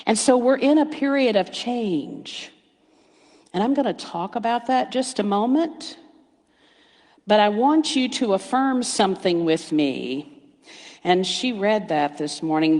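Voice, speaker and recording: A middle-aged woman minister giving a sermon, storytelling warmly with playful asides and hushed emphasis. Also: medium pitch, animated, takes it slowly. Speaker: guest speaker minister. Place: church sanctuary. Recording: reverberant hall.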